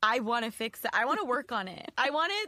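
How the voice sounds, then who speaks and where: Bright Valley Girl woman, giggly. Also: on the high side, animated, a little hiss or hum. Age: 20s. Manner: giggly, candid, quick affirmations. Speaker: podcast co-host. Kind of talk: casual chat.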